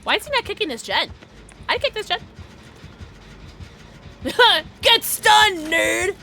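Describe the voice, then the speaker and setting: Bubbly high-voiced woman streamer. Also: slow pace, faint music behind. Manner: excitable, giggly, squeals and shouts at the game. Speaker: live streamer. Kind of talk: live gaming commentary, chatting with viewers.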